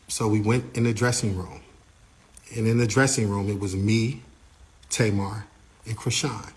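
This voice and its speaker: A man telling a story in the first person in a casual way, animated, acting out what others said and using lots of "like" fillers. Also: medium pitch, moderate pace, long pauses.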